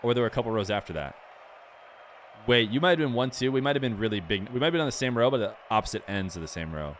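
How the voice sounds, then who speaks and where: A young man streaming a game and chatting casually with his viewers in a relaxed, rambling way. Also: mid-range voice, fast, slight background noise. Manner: relaxed, rambling, talks straight to chat. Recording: music playing clearly behind the voice.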